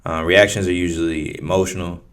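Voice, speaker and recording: Deep, flat-voiced laid-back male podcaster. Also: fairly quick, clear, resonant tone. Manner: laid-back, rambling with many fillers and restarts. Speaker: podcast co-host. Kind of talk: casual podcast chat.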